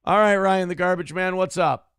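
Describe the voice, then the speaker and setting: A man's voice: sits high, steady tone, moderate pace, fairly bright tone, clean tone, no room sound, studio quality. A man hosting a live call-in show, reading viewer comments aloud in a profane, sarcastic, self-mocking way. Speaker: talk show host.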